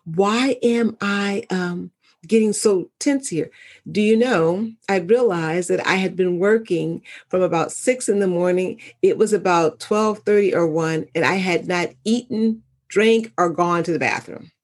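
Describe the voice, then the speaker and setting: A woman in casual conversation, speaking reflectively and with animated storytelling as a wellness coach. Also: fairly low pitch, moderate pace, hardly any pauses.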